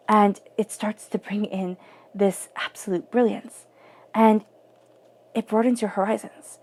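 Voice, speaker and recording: A woman's voice: mid-range voice, vocal fry, darkish tone. A woman giving a spoken tarot reading in a flowing, searching way, often repeating and rephrasing her words. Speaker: tarot reader.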